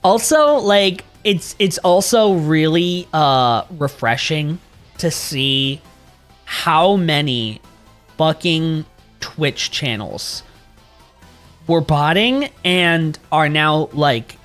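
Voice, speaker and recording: A man's voice: on the high side, expressive, extremely slow, a bit bright, faint music behind. A man streaming and chatting casually with viewers, rambling, swearing freely and laughing often.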